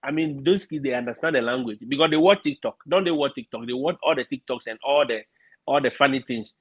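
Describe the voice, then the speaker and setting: A male host with an African accent talks in an easygoing, encouraging way, circling back over his own words. His voice has a husky edge. The recording is dull and lo-fi with a dry, close sound. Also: mid-range voice, fast, no echo. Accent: African-accented English. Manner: encouraging, repeats words as he thinks aloud. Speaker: podcast host. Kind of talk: casual conversation.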